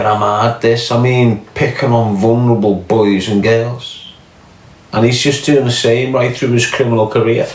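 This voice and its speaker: A man's voice: mid-range voice, darkish tone. Scouse man ranting in a roomy space. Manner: profane, mocking, scornful. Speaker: podcast host. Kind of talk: casual ranting commentary.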